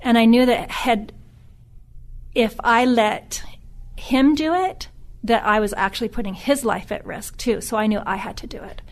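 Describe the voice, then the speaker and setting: A middle-aged woman who is a podcast guest, telling a personal story in a subdued, earnest way that often stops and restarts. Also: on the high side. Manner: halting, with frequent restarts.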